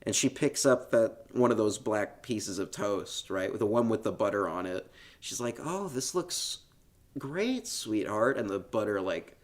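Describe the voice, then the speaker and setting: A man co-hosting a podcast, retelling a film scene by scene in a relaxed, laughing, casual way. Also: lowish voice, normal speed, hardly any pauses. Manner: relaxed storytelling, laughs often, swears casually. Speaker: podcast co-host. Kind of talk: casual film recap chat.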